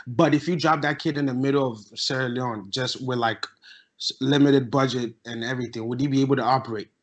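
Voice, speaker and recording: A man's voice: medium pitch, fairly even intonation, fairly quick. Emphatic man from Ghana. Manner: emphatic, argumentative, restarts a lot. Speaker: podcast guest, musician. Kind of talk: casual podcast debate.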